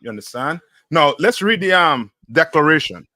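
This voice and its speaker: A man's voice: fairly high pitch, expressive, normal speed, bright, forceful tone, no echo, clean studio sound. A man teaching a class in call-and-response style, firing questions and often asking "you know what I mean?".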